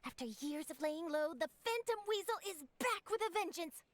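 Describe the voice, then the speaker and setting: A bubbly young reporter. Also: female voice, extremely high pitch, lively intonation, moderate pace. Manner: chatty, dramatic storyteller. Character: bubbly young female reporter, self-assured. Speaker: journalist. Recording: game audio with faint music.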